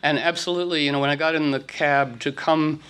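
A man's voice: on the high side, steady tone, brisk, a bit bright, clean tone. A man giving a spiritual talk to an audience, rambling, with frequent fillers and restarts.

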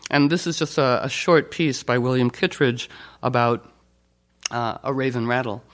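Medium pitch and normal speed mark this man's delivery. In an informal, rambling talk with fillers and restarts, he tells anecdotes playfully and impersonates the people he quotes.

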